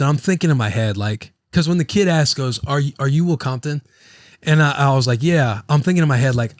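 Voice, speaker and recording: A man's voice: a little high, no echo, studio quality. Rambling, profane podcast host man. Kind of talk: casual podcast chat with ad read.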